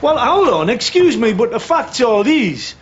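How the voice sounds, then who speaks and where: A brash, scheming Geordie working man who pushes his point hard and wheedles. His voice sits high and swings about a lot. The TV sound is a touch muffled. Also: very animated, measured pace, full character voice. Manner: pushy, wheedling. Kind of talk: TV drama acting.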